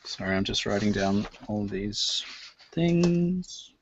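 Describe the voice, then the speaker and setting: A man's voice: on the low side, lively intonation, slow, dull audio, a little hiss or hum. A man as game master of a tabletop game, narrating hesitantly with many fillers over a voice call.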